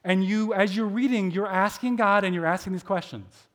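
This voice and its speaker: A sermon delivered like casual conversation comes from a middle-aged man with a high voice, moving at a moderate pace. He's self-deprecating, leans on filler likes, and dramatizes his stories by performing what he was thinking.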